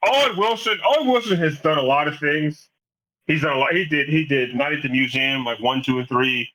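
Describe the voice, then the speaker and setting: A man in casual chat reviewing a show, an animated storyteller who acts out quotes, with frequent restarts. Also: a little high, fairly quick, poor audio. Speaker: podcast co-host.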